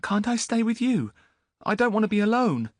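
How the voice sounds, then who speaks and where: A scared young boy, lost and pleading, his voice pushed high and thin, as a male narrator puts him on. He sounds anxious and small. The reading is dry and close with no room around it. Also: sing-song, normal speed, no echo. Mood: frightened pleading. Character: frightened feverish young boy. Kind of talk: audiobook character voice.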